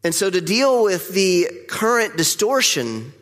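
Middle-aged man, pastor, slightly higher voice, candid sermon delivery, big reverberant church hall. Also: very animated, fairly bright tone. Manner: candid, reflective preaching with pauses. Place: church sanctuary.

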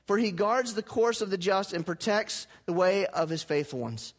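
A male pastor preaching a sermon, putting questions to his congregation and asking them to repeat lines back, swinging from loud emphatic lines to low, quiet ones. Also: expressive, normal speed. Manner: rhetorical questions and call-and-response with the congregation.

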